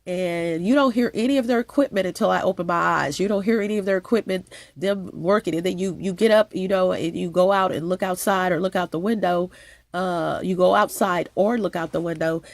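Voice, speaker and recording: Woman, stuffy nose, fry in the voice, rambling monologue, restarts and repeats. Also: fairly low pitch, a little fast, dry recording. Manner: repetitive, emphatic, with frequent restarts. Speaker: channel host.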